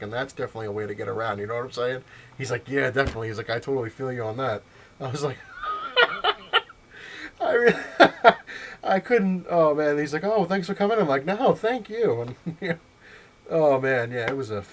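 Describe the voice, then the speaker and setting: A man's voice: lowish voice, a little hiss or hum. A man hosting a casual vlog, rambling through a funny story and laughing at his own jokes. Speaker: vlog host.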